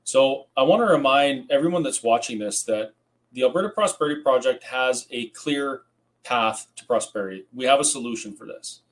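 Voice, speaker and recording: A man's voice: medium pitch, animated, moderate pace. A man hosting a webinar, speaking earnestly and reassuring the viewers. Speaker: webinar host.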